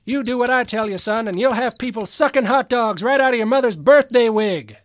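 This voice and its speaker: A woman's voice: fairly high pitch, a little fast, slight background noise, lightly acted. A woman voicing a crude, pushy, foul-mouthed salesman in a cartoon, insulting and barking orders. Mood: scornful. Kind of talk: cartoon voice acting.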